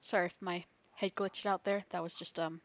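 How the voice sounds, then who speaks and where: A woman's voice: fairly low pitch, flat delivery, moderate pace, a bit bright, highs cut off. A woman playing a survival game and thinking aloud, chatty and rambling, laughing often. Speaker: gaming video creator. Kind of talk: thinking aloud during gameplay.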